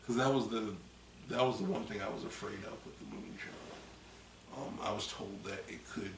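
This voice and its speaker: Gravelly man telling a story, echoey room. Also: on the low side, moderate pace, noisy background. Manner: rambling animated storytelling with loud acted screams. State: tipsy from drinking. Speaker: vlogger. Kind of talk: casual chat. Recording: echoey room, mic at a distance.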